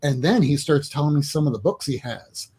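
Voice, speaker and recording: A man chatting casually among friends, his voice pitched a touch higher than most men. He tells stories full of swearing and slips into the voices of the people he quotes. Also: expressive, a little fast, dark tone, breathy edge. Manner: storytelling, swearing, acting out quotes. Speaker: host. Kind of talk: casual chat.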